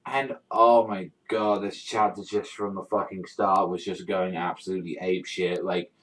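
A man vlogging his reaction to a manga chapter, rambling through fillers, swearing constantly and bursting into shouts. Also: deep voice, little pitch movement, moderate pace, distant mic, poor audio. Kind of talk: excited reaction rant.

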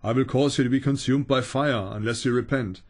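A stern Roman magistrate, as a man reads him aloud issues threats and commanding demands. The voice is a man's ordinary voice, lifted only a little for the part and kept at a middle pitch. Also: brisk, natural voice. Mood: threatening.

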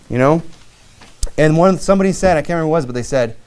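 A man preaching from the pulpit in a voice pitched a little high. He is lively and full of asides, and he acts out what people say. He grew up in Michigan. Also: racing, smooth. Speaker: pastor. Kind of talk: sermon.

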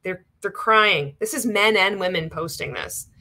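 A woman's voice: medium pitch, a little slow, hardly any pauses, pushed and bright. Middle-aged woman, reaction commentator, sardonic and exasperated, conversational, reads posts aloud. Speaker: anti-MLM commentator.

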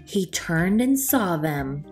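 A woman reading a children's storybook aloud in a gentle, expressive manner, as the host of a storytime channel. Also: lowish voice, slow, soft background music. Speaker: storytime reader.

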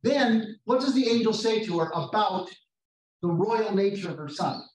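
A man teaches a Bible class in a somewhat high voice, pausing over scripture verses and putting questions to the group. He is picked up from a distance in a reverberant room. A faint hiss sits under his voice. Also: expressive, darkish tone. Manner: reads scripture aloud slowly, questions the class. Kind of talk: interactive Bible study lesson. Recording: roomy, distant mic, faint noise.

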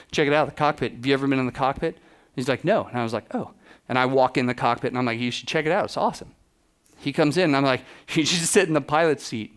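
Smooth-voiced man telling stage anecdotes. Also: medium pitch. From United States. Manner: lively anecdotes, acting out quoted exchanges. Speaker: photographer giving a keynote. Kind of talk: storytelling keynote talk. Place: conference stage.

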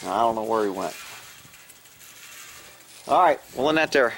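Chatty vlogger man outdoors, laughs a lot, pitch swings wide when he scolds his animals. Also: animated, unhurried, creaky, pauses often, a bit bright, slight background noise. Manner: chatty, laughs often, scolds pets in a high sing-song voice. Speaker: horse and pet owner vlogger. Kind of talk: casual vlog chat.

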